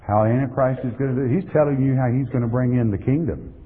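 A man's voice: medium pitch, fast talker, slightly rough. A man preaching a sermon as pastor, emphatic and repeating words for stress, on a tinny, lo-fi recording. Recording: tinny lo-fi sound in a reverberant hall.

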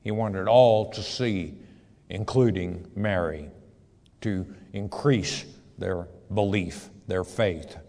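Slow, low-voiced man preaching in a hall. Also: a little mellow. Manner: reads scripture, then explains it plainly. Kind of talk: verse-by-verse Bible teaching.

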